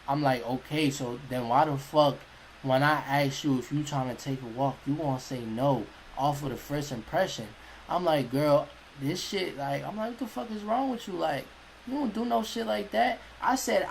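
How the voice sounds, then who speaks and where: Animated young man telling a story. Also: on the high side, a little hiss or hum, poor audio. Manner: animated, profane, slangy, acts out quotes. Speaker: streamer. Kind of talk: casual storytelling.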